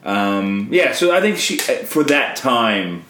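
A man's voice: mid-range voice, very animated, slow pace, a little hiss or hum. Chatty male podcast host, roomy sound. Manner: chatty, thoughtful, gently argumentative. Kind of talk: casual film-review chat. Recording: roomy echo.

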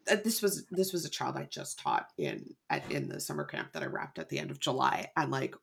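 A woman's voice: a bass voice, huge pitch swings, brisk, creaky, husky. A woman drama teacher talking in a casual podcast discussion, emphatic and storytelling with lots of fillers. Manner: acts out quoted people.

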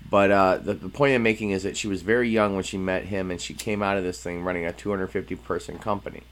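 Mellow, low-voiced man asking questions. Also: steady tone, quick pace, smooth. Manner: short reactions and curious, chatty questions. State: mellow and yawning. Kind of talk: casual chat.

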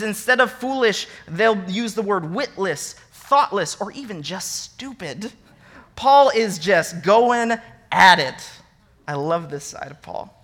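A young adult man from the American Midwest, an associate minister giving a sermon, animated and conversational, reading scripture with sarcastic emphasis. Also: sits high.

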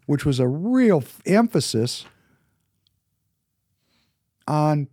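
A man's voice: fairly high pitch, sing-song, extremely slow, mellow, husky, no echo, studio quality. A man in his fifties from Minnesota tells personal stories in a casual monologue, emphatic and often repeating words for emphasis. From Minnesota, United States. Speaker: businessman.

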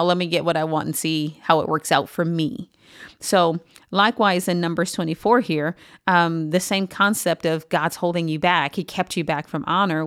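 A woman pastor giving an earnest, emphatic Bible teaching on a podcast, pausing often with "um". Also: lowish voice. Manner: earnest, emphatic, with frequent "um" pauses.

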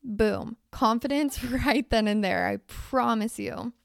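A young woman with a raspy, hoarse voice hosts a casual motivational podcast, pushing her points with blunt emphasis and the odd swear. Her slightly high voice crackles with vocal fry. The sound is dry and close, with no room around it. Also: slow, no echo. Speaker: podcast host.

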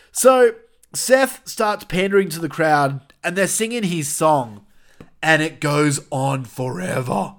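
A young man hosting a casual wrestling review podcast, animated and swearing, with jokey asides. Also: a little high, slow pace.

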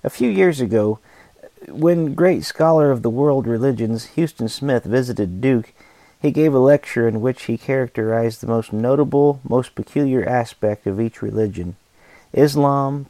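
Man, devotional reading, measured and emphatic, gravelly, dry close sound. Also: mid-range voice, warm tone, no room sound. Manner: measured and emphatic, with deliberate pauses. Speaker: podcast host reading a book excerpt.

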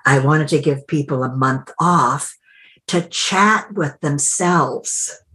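A low-voiced woman speaks slowly in a conversational interview. She reflects on her work as a mentor and coach and slips into acted dialogue as she tells her stories. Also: a bit bright. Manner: reflective, acts out quoted dialogue.

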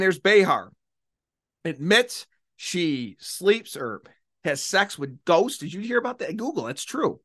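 A man's voice: high voice, a bit bright. A man delivering a combative, sarcastic political monologue as a commentator, stretching out words for emphasis. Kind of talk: opinionated monologue.

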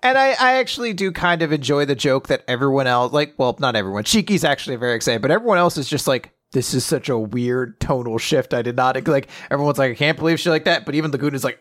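A man's voice: medium pitch, dry recording, studio quality. A man co-hosting a podcast, chatting casually and acting out quotes with bursts of laughter. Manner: animated retelling with quick acted-out quotes and laughter. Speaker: podcast co-host. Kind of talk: casual manga discussion.

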